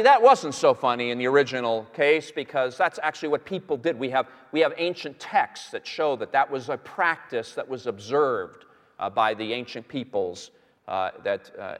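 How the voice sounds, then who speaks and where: A man teaching on a Bible passage to a live audience, telling it as an animated story with many fillers and restarts. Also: mid-range voice, normal speed. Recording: long hall reverb.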